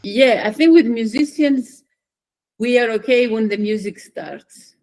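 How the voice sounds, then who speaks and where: A woman's voice: fairly high pitch, unhurried, darkish tone. A woman musician hosting an interview, speaking reflectively and searching for her words. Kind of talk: interview conversation.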